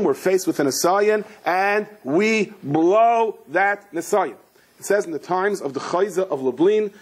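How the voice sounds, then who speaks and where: A husky-voiced rabbi gives a lively Torah lecture, his voice sitting a little high for a man. He tells stories as he teaches and mixes Hebrew and Yiddish terms into his English. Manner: acts out the characters in a story with sudden high, shouting outbursts. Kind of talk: animated Torah lecture with storytelling.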